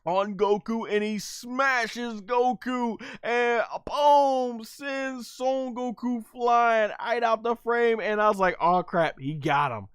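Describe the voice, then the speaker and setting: A man reviewing an anime episode as he watches, hyped up, acting out the characters' shouts and stumbling through plenty of fillers. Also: very high-pitched, takes it slowly, hardly any pauses, smooth, no echo, clean studio sound. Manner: animated, acts out characters' lines, many fillers. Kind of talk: excited anime episode commentary.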